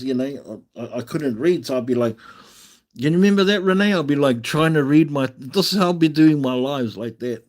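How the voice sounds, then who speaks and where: An Australian man hosting a live stream, chatting casually and encouragingly, often restarting his sentences. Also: mid-range voice.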